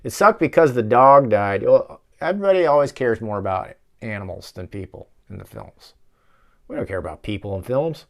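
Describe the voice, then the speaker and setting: A man's voice: on the low side, animated, normal speed, gravelly. A man hosting a casual movie-riffing show from his office, rambling and swearing as he rants. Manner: rambling, profane, ranting. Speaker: show host.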